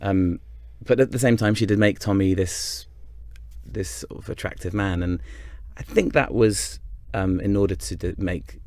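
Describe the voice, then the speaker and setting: In studio-quality audio with no echo, a North Yorkshire man speaks in a deep, slightly mellow voice at a moderate pace. The English actor muses thoughtfully in a casual interview, rambling and frequently beginning his sentences again.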